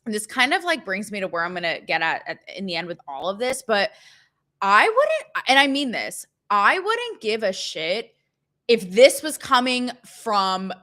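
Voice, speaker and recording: A young woman hosting a casual opinion show, chatty and sarcastic, with many fillers and quick asides. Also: mid-range voice, very animated, pushed and bright. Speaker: show host.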